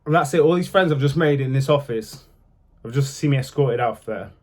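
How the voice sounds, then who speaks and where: Speaking to camera, a young man tells his own story bluntly and casually, swearing freely and shifting between anger and quiet regret. His voice is mid-range and fairly quick.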